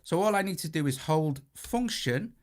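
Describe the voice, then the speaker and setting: In this hands-on gear walkthrough, a British man leads a synthesizer tutorial at a moderate pace, his voice on the high side with lively intonation. He talks casually, fixing his own slips as he hits buttons, with synthesizer sequences running behind him.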